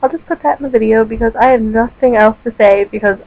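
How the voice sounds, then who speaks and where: A woman's voice: on the high side, fast talker. Teen girl rambling on and on with lots of like and um, kinda muffled webcam audio. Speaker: birthday video maker. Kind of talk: casual rambling chat.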